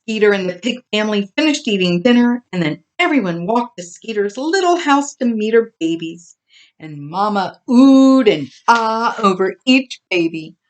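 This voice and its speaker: A woman reading a children's farm story aloud, expressive and gentle. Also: medium pitch, moderate pace. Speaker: storybook reader.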